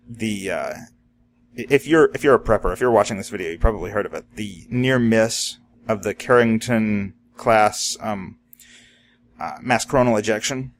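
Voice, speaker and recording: A man's voice: fairly low pitch, slight background noise. A man vlogging about disaster preparedness in a casual, unscripted monologue. He talks in a plain, reflective way and often stops to say "you know" and "um". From Florida, USA.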